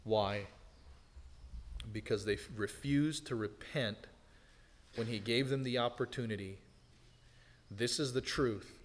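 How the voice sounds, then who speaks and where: A man preaching an expository sermon as pastor, emphatic, swinging from loud declarations to hushed, serious lines. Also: mid-range voice, takes it slowly, long pauses, a little hiss or hum. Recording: long hall reverb.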